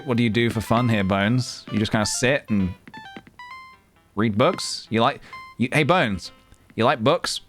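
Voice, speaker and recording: A male streamer chats casually over gameplay, his voice sitting at an ordinary middle pitch. He rambles playfully, cracks jokes and restarts his sentences. Soft game music plays faintly underneath. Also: measured pace, pauses often.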